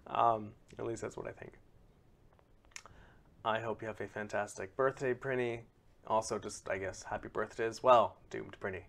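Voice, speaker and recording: Guy with a low gravelly voice, chatty friendly story, bit of noise behind. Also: measured pace, long pauses, fairly bright tone.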